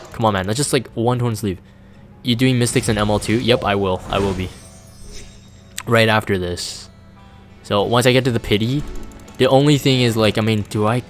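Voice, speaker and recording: A man with a fairly low voice hosts a relaxed live stream, reading viewer messages aloud and musing with lots of ums and restarts. Faint game music plays underneath. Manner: reads chat aloud, rambling and laid-back with many fillers. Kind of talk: casual live-stream chat.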